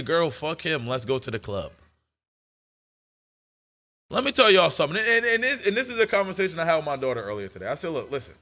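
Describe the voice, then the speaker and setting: Streaming live and reacting to clips, a man with a high, bright voice makes emphatic, forceful points. He swears heavily and repeats those points again and again.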